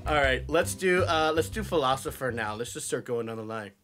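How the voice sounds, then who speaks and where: A young man hosting a casual reaction video, animated and laughing, jumping in and out of impressions. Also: mid-range voice, a little fast, faint music behind. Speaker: voice actor and host.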